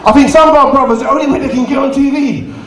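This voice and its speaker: A man's voice: very high voice, fairly even intonation, a bit bright. A man doing live stand-up comedy and bantering with the crowd as compere. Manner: banters with the crowd, quick asides. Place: community venue hall. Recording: echoey hall, distant mic, audience.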